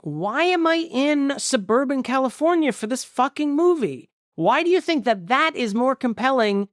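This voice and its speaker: A male podcast co-host in casual movie-review chat, ranting in an exasperated way and quick to laugh. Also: very high voice, animated, a bit bright, no room sound, clean studio sound.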